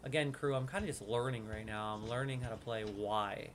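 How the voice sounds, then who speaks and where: A man giving casual gameplay commentary as a streamer, excitable, swinging from hushed sneaking talk to loud outbursts. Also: lowish voice, a little fast, noisy background. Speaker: gaming streamer.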